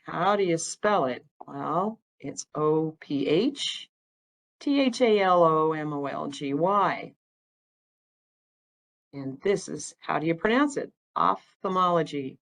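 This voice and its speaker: A woman's voice: deep voice, low-quality recording. A woman, giving a plain-spoken, chatty educational talk about eye care as an ophthalmic imager. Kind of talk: informal educational presentation with slides.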